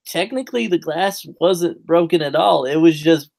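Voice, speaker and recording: A man's voice: on the high side, moderate pace, creaky, a little mellow. A man co-hosting a wrestling podcast, chatting casually and rambling with lots of fillers and restarts. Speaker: podcast co-host. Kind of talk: casual chat.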